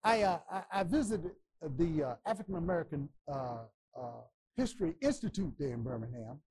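A man teaching a Bible class, preaching with passion, stammering repetitions and bursts of shouting. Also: on the high side, animated, brisk.

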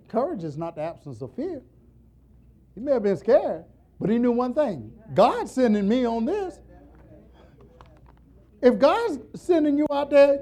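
A man preaching a sermon, talking straight to his congregation in a lively, folksy way. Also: extremely high pitch. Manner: animated, folksy, direct to congregation.

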